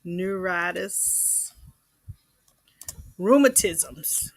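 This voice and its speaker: A woman's voice: on the low side, drawn-out words, no room sound, rough recording. A woman hosting a casual livestream, chatting, reading viewer comments aloud and laughing often. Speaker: livestream host.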